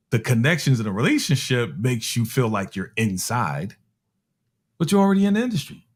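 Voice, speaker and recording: A man tells a casual story. His voice sits at an everyday middle pitch. He talks in an animated way and puts on the voices of the people in his story, peppered with street slang. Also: moderate pace. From Harlem, New York. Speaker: music producer telling a story.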